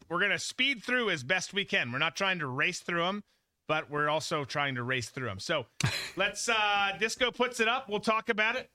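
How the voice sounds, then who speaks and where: A male podcast host talking in a loose, opinionated way. His voice sits high and has a sharp, very bright edge. He stresses his points by repeating them. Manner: emphatic, repeats himself for stress. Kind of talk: casual opinionated chat.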